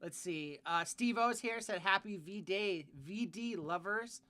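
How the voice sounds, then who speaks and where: A man's voice: high-pitched, unhurried, pushed and bright. A man hosting a casual podcast, reading viewer comments aloud with crude, joking asides. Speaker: podcast host reading chat. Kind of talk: casual chat.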